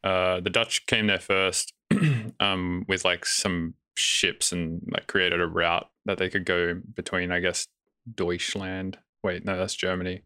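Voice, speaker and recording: A laid-back Australian man talking with a very low, deep voice. His tone is bright and crisp, and he drops casual swearing into an easygoing podcast chat. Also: level tone, slow, dry recording, clean studio sound. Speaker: podcast guest.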